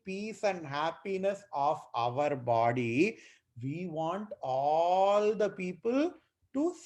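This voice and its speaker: A man teaching a commentary on a scripture, explaining patiently with everyday examples and repeating key words. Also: high voice. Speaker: spiritual teacher.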